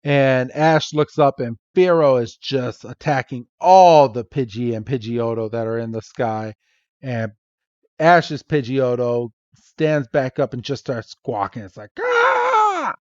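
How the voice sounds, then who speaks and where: A man's voice: mid-range voice, measured pace, darkish tone, no echo, dull audio. A man hosting a podcast, playfully recapping an episode and acting out the characters' lines. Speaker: podcast host.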